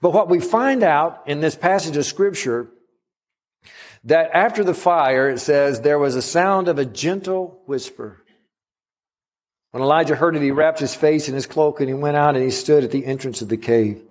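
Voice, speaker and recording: A middle-aged man preaching a sermon as a guest pastor, climbing higher and louder on emphatic lines and dropping soft on quiet ones. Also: normal speed. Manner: rises in pitch and volume on emphatic runs, drops soft on quiet points.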